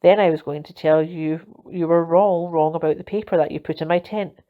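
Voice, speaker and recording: A woman's voice: deep voice, fairly even intonation, fairly quick, natural voice. A woman voicing an earnest young boy captain in a storybook reading, serious and proud. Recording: dull lo-fi recording.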